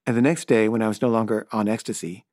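A middle-aged filmmaker telling a personal anecdote in a loose, rambling way, full of fillers and stammered repeats. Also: male voice, fairly low pitch, fairly even intonation, fast talker, darkish tone, no room sound, studio quality. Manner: stammers and repeats himself when flustered. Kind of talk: casual spoken anecdote.

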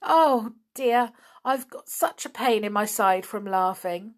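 A woman voicing an excitable, admiring young girl in a storybook reading, pitched high and breathless. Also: takes it slowly. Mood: laughing.

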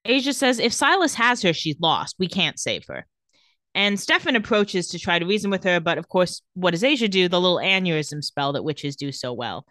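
A woman's voice: on the low side, big pitch swings, normal speed, a bit bright, dry recording. A young woman co-hosting a casual chat, retelling TV scenes and quoting the characters. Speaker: podcast co-host recapping a TV episode.

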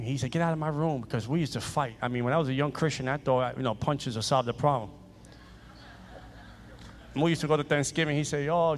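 A man preaching a sermon, repeating phrases with emphasis and moving between loud exhortation and quiet personal stories. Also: medium pitch, a little hiss or hum.

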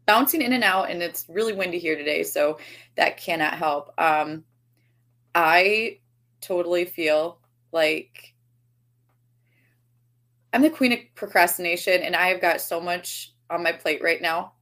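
A woman's voice: lowish voice, unhurried, pauses often, fairly bright tone. A woman co-hosting a podcast over a video call, rambling cheerfully and laughing at herself. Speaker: podcast co-host. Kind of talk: casual chat.

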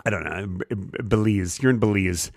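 A man co-hosting a podcast in casual comedic chat, deadpan and playfully absurd, with wide pitch swings. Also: a little fast, dry recording, clean studio sound. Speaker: podcast co-host.

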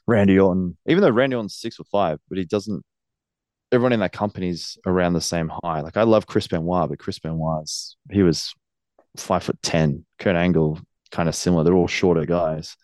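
A man with a very low voice talks earnestly about his wrestling career. He laughs often as he talks. The recording is dry and close. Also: a little mellow, no echo. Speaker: professional wrestler, guest. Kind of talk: casual interview.

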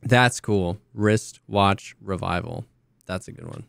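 A man co-hosting a podcast, talking in a relaxed, rambling way with lots of restarts and fillers. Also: sits low, takes it slowly, gravelly, dry recording, studio quality. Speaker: podcast co-host. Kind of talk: casual chat.

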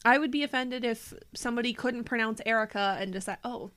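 Female podcast co-host, higher voice, blunt and plain-spoken, relaxed chat. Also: fairly quick. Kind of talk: casual banter.

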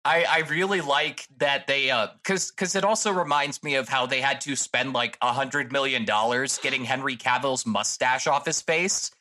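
A man in casual podcast chat about a film, animated, joking and often swearing. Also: mid-range voice, moderate pace, hardly any pauses.

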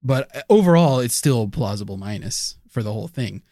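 A man co-hosting a casual podcast, weighing theories out loud with hedges and self-corrections. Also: mid-range voice, animated, fairly quick, no room sound, clean studio sound. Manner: hedging, self-correcting, laughs often. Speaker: podcast co-host. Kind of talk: casual conspiracy podcast chat.

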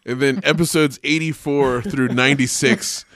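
A man hosting a podcast, joking and swearing in animated casual chat. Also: medium pitch, normal speed, no room sound. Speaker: podcast host.

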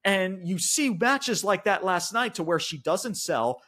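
A man with a high, very animated voice rants as a podcast co-host in casual, profane chat. His talk is exasperated and full of "like," with plenty of restarts. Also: measured pace. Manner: frequent fillers and restarts like "like". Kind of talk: casual wrestling review chat.

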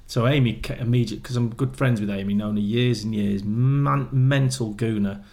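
Man, former footballer guest, storytelling, acts out quotes, mid pitch. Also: steady tone, brisk, vocal fry, darkish tone. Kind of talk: casual chat.

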